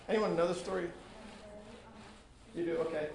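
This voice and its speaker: Male teacher, high voice, reads a story aloud to the class with chatty asides, echoey classroom. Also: brisk, vocal fry. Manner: casual, chatty asides between passages. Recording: echoey room with faint noise.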